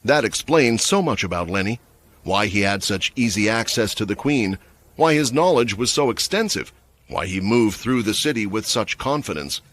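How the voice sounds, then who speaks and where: A man's voice: fairly low pitch, lively intonation, normal speed, a bit bright, slight background noise. A man giving scripted story narration for a fantasy comic recap.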